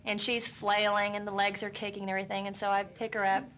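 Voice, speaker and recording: A woman's voice: mid-range voice, level tone, fast, fairly bright tone, a little hiss or hum. A woman, the mother of a three-year-old, describing her daughter's tantrums in a chatty, slightly self-deprecating way. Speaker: caller asking for advice.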